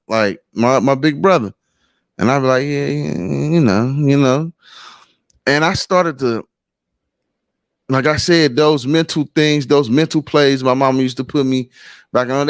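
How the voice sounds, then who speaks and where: A middle-aged man with a drawl tells a long personal story as a podcast host, rambling and circling back on his words. His voice sits a bit high for a man. The sound is close and dry, with no room around it. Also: dry recording. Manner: rambling, repeats himself, loose and conversational. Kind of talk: casual storytelling chat.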